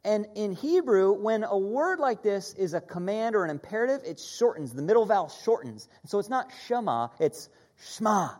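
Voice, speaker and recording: Lively woman preaching a sermon. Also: medium pitch, moderate pace, hardly any pauses. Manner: animated teaching, leads the audience in call-and-repeat.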